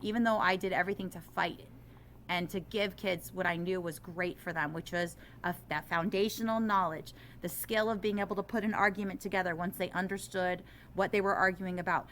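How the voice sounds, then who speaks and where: A middle-aged woman teacher talks in an interview with a bright, forward voice. She is animated and self-deprecating, and turns impassioned as she argues her case. Faint background noise sits under the recording. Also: lowish voice, brisk.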